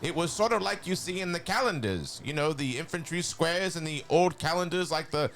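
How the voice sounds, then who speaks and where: A nasal, sneering villain sorcerer with a skeletal edge, as a man puts on a high voice. The pitch sits well above a normal speaking voice, and every line comes out as a menacing dramatic reading. It sounds like a cartoon baddie reciting a long story. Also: expressive, fairly quick, a bit bright. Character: evil skeletal male sorcerer, cackling villain. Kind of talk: dramatic monologue reading in a character voice.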